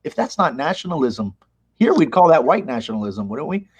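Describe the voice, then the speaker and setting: Impassioned man, fairly high voice. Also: a little fast, slightly rough. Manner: impassioned, emphatic, animated retelling. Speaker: interview guest, mosque leader. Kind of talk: conversational interview.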